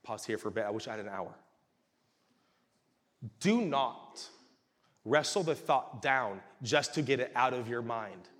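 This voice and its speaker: A male pastor preaching a sermon with animated delivery that rises to shouts. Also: medium pitch, a little slow, pauses often. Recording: reverberant hall.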